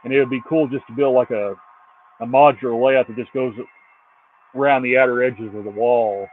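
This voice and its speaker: A man's voice: medium pitch, steady tone, moderate pace, slight background noise. A man chatting casually as a guest, telling stories with dry humor. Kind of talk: casual chat. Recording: tinny phone-like line.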